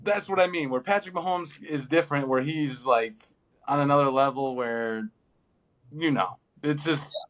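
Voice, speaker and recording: A young man co-hosting a casual sports podcast, animated, swearing freely and acting out what players say. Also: a little high, normal speed. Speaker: podcast co-host.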